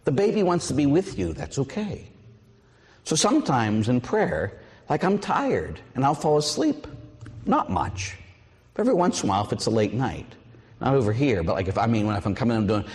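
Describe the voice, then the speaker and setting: A middle-aged man, a priest, preaching a sermon with lively storytelling and acted-out voices. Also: mid-range voice, normal speed, long reverb tail. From Pittsburgh, USA.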